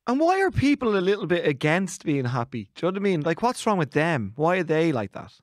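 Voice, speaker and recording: A man with an Irish accent hosting a casual chat, jokey and quick to laugh. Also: on the high side, big pitch swings, no echo, studio quality. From Ireland. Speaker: host. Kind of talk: casual conversation.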